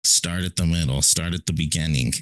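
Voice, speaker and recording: A man's voice: sits low, brisk, fairly bright tone, no echo. A man co-hosting a podcast in casual, rambling philosophical chat, often checking in with "right?". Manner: rambling, emphatic, repeats "right?". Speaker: podcast co-host.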